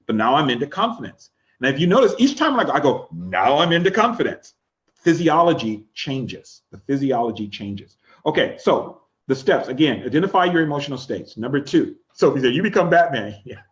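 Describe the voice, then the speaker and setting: A man's voice: fairly high pitch, highs cut off. A man teaching an online class, coaching listeners through steps and acting out the tones of voice he describes. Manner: coaching, demonstrates vocal tones.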